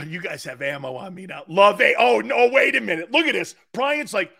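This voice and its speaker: A man's voice: very high voice, a little fast, vocal fry. A middle-aged man hosting a sports talk stream, joking and reading viewer comments aloud. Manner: animated, joking, jumps between chat comments. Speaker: sports talk show host.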